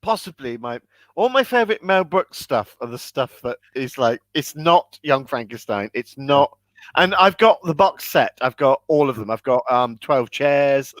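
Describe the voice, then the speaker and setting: Lively bright-voiced man chatting about films. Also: a little slow, no echo. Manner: enthusiastic, acts out quoted lines in high shouts. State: hiccuping. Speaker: podcast co-host. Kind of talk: casual chat about films.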